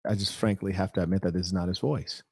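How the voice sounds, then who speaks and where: A man's voice: deep voice, fairly even intonation, quick pace, vocal fry, slight background noise. A man hosting a reaction video, speaking in an indignant, rambling and emphatic way. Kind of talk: reaction commentary.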